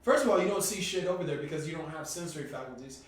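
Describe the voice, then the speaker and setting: Animated storytelling man, echoey far mic. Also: fairly high pitch, racing. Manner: animated, swearing, voice rising to shouts at peaks. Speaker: podcast guest telling his story. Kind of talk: casual storytelling. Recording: echoey room, distant from mic, faint noise.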